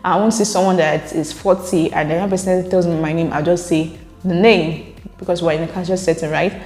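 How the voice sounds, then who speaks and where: A woman's voice: fairly low pitch, fairly even intonation, fairly quick, darkish tone, soft background music. A woman with a Nigerian accent, chatting casually as a vlogger and often laughing between points. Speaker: vlogger reacting to viewer comments. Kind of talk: casual chat. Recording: roomy echo with long reverb.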